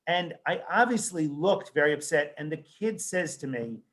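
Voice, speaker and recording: A man speaks as an expert guest in a relaxed interview, telling personal stories with lively acted-out dialogue. His voice sits a bit higher than most men's, and he often restarts his sentences as he talks. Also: moderate pace. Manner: animated storyteller acting out quoted dialogue, frequent restarts. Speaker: child psychiatrist and author. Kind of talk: conversational interview, anecdotal storytelling.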